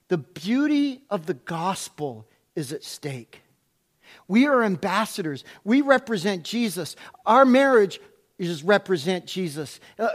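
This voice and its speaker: Male pastor, high voice, lively swings in pitch, emphatic sermon delivery with playful teasing asides.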